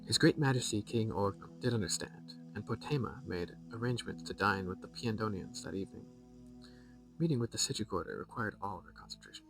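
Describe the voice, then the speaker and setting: A man's voice: lowish voice, fairly quick, far from the mic, music in the background, rough recording. A man streaming a game, reading a book from it aloud and breaking off into amused, rambling asides.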